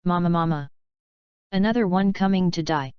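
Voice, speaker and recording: Lady narrator doing a big gloating pirate queen, lowish smooth voice, dry lo-fi sound. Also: moderate pace, no echo, close to an everyday voice. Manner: gloating, mocking. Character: huge arrogant middle-aged woman pirate captain. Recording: dry, slightly dull lo-fi sound.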